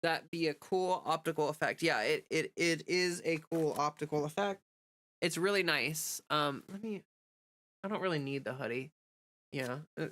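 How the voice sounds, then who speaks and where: A woman's voice: deep voice, fairly bright tone. A woman with a stuffy, nasal voice from a cold, rambling in casual livestream chat and reading viewer comments. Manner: rambling, chatty, many fillers. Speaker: livestreamer and content creator.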